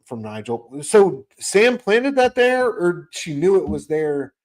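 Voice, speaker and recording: Animated man retelling a comic. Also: on the high side, takes it slowly. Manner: animated retelling, acts out characters' lines. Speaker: podcast co-host. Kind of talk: casual comic book discussion.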